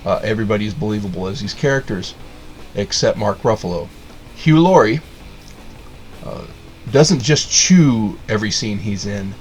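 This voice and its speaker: A man giving a blunt, casual review of a miniseries, halting with many fillers and restarts. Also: on the low side, expressive, a little mellow, faint music behind. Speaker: show host reviewing a miniseries.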